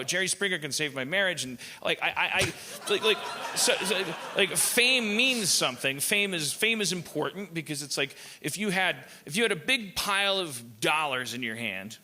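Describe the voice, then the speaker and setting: Bright-voiced man riffing on a live stage. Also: high voice, expressive, moderate pace, a little hiss or hum. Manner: profane, riffing, meandering. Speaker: podcast host. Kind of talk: rambling live comedy monologue. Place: live stage at a comedy festival.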